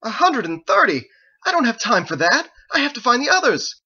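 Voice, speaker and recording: A man's voice: on the high side, fairly quick, fairly bright tone, breathy edge, pitched above the performer's own voice. A man voicing a desperate, frantic man who pleads in urgent outbursts, in a dull lo-fi recording. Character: frantic, soaked man desperate to save others.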